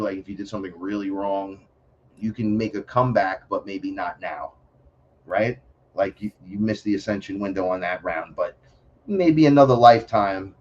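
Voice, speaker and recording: A man telling stories as an interview guest, excitable and profane, acting out voices as he goes. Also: fairly low pitch, a little hiss or hum. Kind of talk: animated storytelling. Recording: dull lo-fi audio.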